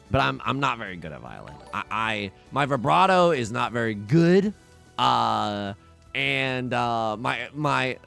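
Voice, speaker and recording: Young man, gravelly voice, lively swinging pitch, rambling self-mocking stream chat, faint music behind. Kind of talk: casual livestream chat while playing.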